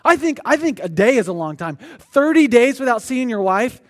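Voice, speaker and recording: High-voiced man preaching animatedly. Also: normal speed. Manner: animated, conversational storytelling. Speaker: pastor. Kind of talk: sermon.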